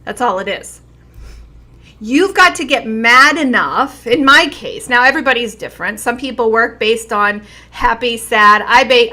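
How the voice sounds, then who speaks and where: A woman's voice: fairly high pitch, bright, forceful tone. A middle-aged woman health coach giving an earnest, emphatic motivational talk to her viewers. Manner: earnest and emphatic, with repeated phrases.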